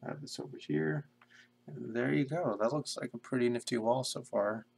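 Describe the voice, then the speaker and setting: A young man casually talking to himself in a flat monotone while drawing pixel art on a live stream. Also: medium pitch, moderate pace, creaky, husky. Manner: mumbling to himself, self-described monotone. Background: keyboard typing and clicking.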